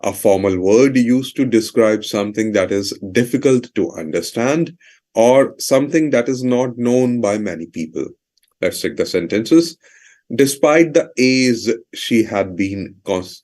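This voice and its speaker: Male vocabulary teacher, lowish voice, repeats definitions, uses fillers. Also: darkish tone. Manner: slow, repeats definitions and sentences; filler-heavy with "you know" and "uh". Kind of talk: explaining word meanings.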